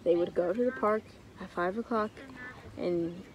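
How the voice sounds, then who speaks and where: A young woman improvising a story at home, unhurried, with playful asides. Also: on the low side, heavy background noise. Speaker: co-host telling a story.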